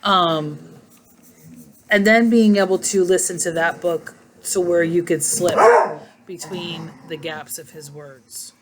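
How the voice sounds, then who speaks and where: A woman's voice: on the low side, steady tone, takes it slowly. A middle-aged woman chatting casually to her viewers from home, rambling from one tangent to the next. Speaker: vlogger. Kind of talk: casual chat to camera.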